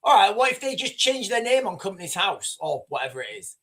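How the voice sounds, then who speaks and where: A man's voice: sits high, sing-song, fairly quick, fairly bright tone. A man hosting a live stream, talking in a rambling, conversational way to his viewers and reading their chat comments. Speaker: livestream host.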